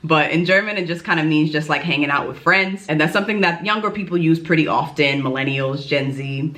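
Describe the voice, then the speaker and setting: A woman's voice: low voice, fairly quick, fairly bright tone. A young woman from New York talking casually to her viewers in a chatty, self-deprecating vlog. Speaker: YouTuber teaching German.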